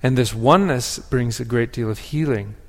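A man giving a sermon as pastor, speaking in a reflective, measured way with pauses and restarts. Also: medium pitch. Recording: long hall reverb.

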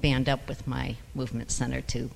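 A man sharing his experience in a class, speaking hesitantly with frequent pauses and fillers. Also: medium pitch, little pitch movement, vocal fry, big-room sound, slight background noise. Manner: hesitant, with many ums and restarts. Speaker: group participant.

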